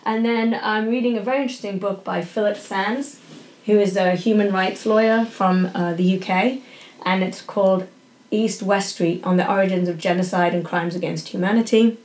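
A woman's voice: mid-range voice, steady tone, normal speed, a little mellow. Guest: woman from Yorkshire, chatty, loose and meandering, fond of fillers. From Yorkshire, England. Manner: chatty, many fillers and restarts. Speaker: podcast guest. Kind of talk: casual interview chat.

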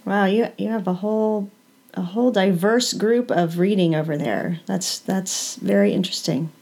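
A woman hosting her podcast, steering a casual interview and quick to affirm her guest. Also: mid-range voice, creaky, a little mellow. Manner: encouraging, frequent affirmations. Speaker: podcast host.

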